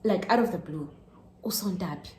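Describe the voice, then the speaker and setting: A young woman in her twenties with a South African accent telling a storytime vlog, animated and switching between Zulu and English. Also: on the low side, moderate pace. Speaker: YouTuber. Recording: echoey room, faint noise.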